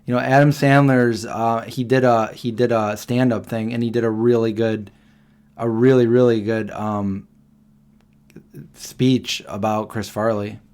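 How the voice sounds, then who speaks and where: Man, livestream host, casual rambling chat, quick questions back to the chat. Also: medium pitch, little pitch movement, darkish tone, smooth.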